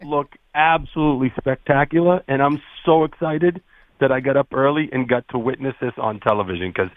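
A man's voice: mid-range voice, brisk, no echo. A man with a Boston accent calling in to a radio show, joking and effusive over a phone line. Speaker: correspondent calling in. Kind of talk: casual radio banter.

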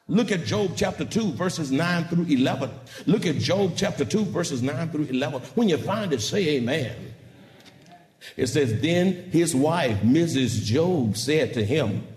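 A male pastor preaching a sermon with dramatic swings, rising to shouts and calling out to the congregation. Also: on the high side, lively intonation, measured pace, echoey room.

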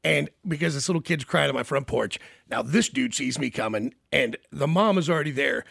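A man hosting a casual talk show, telling crude, self-mocking stories in an animated way. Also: mid-range voice, fairly quick, creaky, no room sound, clean studio sound. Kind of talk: casual storytelling chat.

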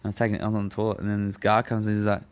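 A man's voice: on the low side, racing. A man telling a prison story in casual chat, profane and laughing often. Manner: profane, laughs often, animated when recounting.

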